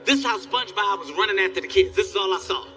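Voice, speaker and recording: A man doing stand-up comedy, telling a profane story in an animated, exasperated way. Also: sits high, racing. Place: live comedy venue. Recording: distant live stage recording with faint music.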